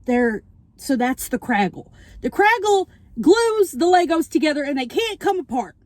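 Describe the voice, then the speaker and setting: A young woman vlogger in her parked car, recapping a movie plot in an animated, chatty way while she eats, and she keeps checking in with "okay?". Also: sits high, normal speed, no echo. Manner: talking while eating.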